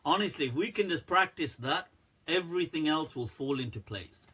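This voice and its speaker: A man, an Islamic scholar, answering viewer questions on a live stream in a candid, animated way, laughing often. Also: on the high side, normal speed, husky.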